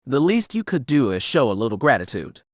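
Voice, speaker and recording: A man's voice: mid-range voice, sing-song, fairly quick, no echo. A steely young Sith inquisitor woman, firm and scornful, in a storybook reading, acted by a male reader. The voice is dry and close with no room around it. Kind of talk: audiobook character reading.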